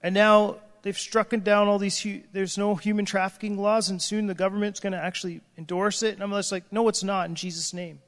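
A man's voice: high-pitched, flat delivery, fairly quick, few pauses, a bit bright. A man preaching an emotional sermon, crying out in prayer and breaking off mid-sentence. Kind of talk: impassioned sermon. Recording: long hall reverb.

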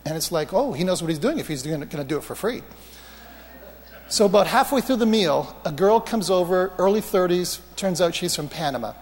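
A man preaching a sermon, telling healing stories in an animated, anecdotal way with self-mocking humor. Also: high-pitched, a little fast, big-room sound. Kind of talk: storytelling sermon.

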